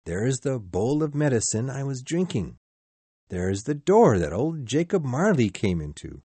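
Man playing an elderly reformed miser, storybook, overjoyed, laughing exclamations, husky, dry close sound. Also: mid-range voice, sing-song, moderate pace, mellow, no room sound. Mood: giddy.

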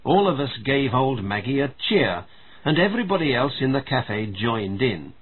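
A man reading a story aloud in a slow, even storybook narration, on tinny phone-like audio. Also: medium pitch, breathy edge. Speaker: story reader.

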